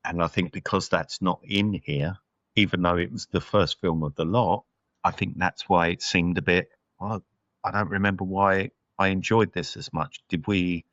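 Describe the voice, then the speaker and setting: A man co-hosting a casual film review podcast, blunt and sweary and quick to laugh. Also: low-pitched, steady tone, fairly bright tone, no echo. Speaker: podcast co-host. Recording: slightly dull lo-fi sound.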